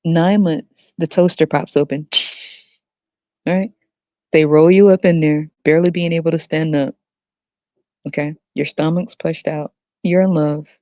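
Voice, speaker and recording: A woman's voice: low voice, steady tone, measured pace, long pauses. A woman rants through a solo podcast monologue, crude and full of profanity, talking straight to her viewers and laughing often. The recording is dull and lo-fi, with a dry, close sound and no room echo. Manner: addresses viewers directly. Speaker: podcast host.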